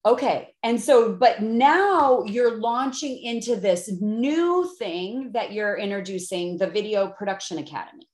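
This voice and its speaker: A woman's voice: fairly high pitch, animated, a little slow, few pauses, darkish tone, reverberant. A woman in her fifties with a Chicago accent, hosting a casual interview with enthusiasm and frequent laughter. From Chicago area. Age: 50s. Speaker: podcast host.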